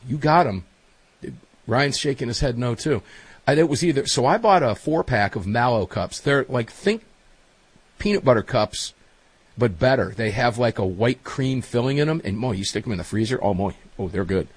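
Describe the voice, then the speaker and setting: A man hosting a casual chat show, telling stories in a chatty, animated way. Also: mid-range voice, moderate pace, husky, no echo. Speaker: host.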